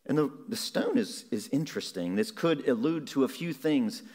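A man preaching a sermon in a measured way, slowing down on key words for emphasis. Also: medium pitch, expressive, darkish tone.

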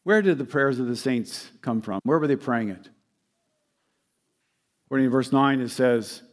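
A man in the middle of a sermon, preaching to a congregation. His voice sits at an ordinary mid pitch. It rises in loud, urgent swells and then falls away to quiet, low closes. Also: moderate pace, pauses often. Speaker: pastor.

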